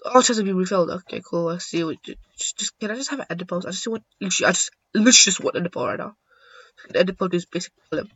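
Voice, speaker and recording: A young man giving excitable, joking commentary while playing a video game, swearing now and then. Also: sits high, very fast, slightly rough, dry recording. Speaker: gaming YouTuber. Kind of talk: casual gameplay commentary. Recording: dull lo-fi dry sound.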